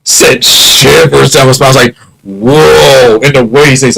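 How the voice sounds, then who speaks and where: A man's voice: medium pitch, normal speed, creaky, noisy background. A man musing in a casual vlog monologue, wry and half-joking. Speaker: vlogger.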